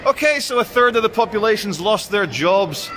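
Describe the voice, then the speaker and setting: A man with a bright, forceful voice gives sardonic, ranting commentary as he walks through a shopping centre. He swears freely, pitching between dry asides and crude jokes. The sound comes from a handheld camera, with a faint hiss in the background. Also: animated, normal speed. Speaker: vlogger. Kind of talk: walking vlog with sardonic commentary.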